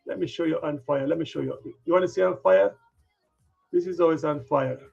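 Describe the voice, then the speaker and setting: A man hosting a trading livestream mutters to himself in a slow, drowsy ramble and breaks now and then into loud, playful bursts. His voice sits high and rough with fry. Faint music runs under a dull, lo-fi recording. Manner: muttering to himself while setting up the screen. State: yawning, tired. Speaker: livestream stock trading host.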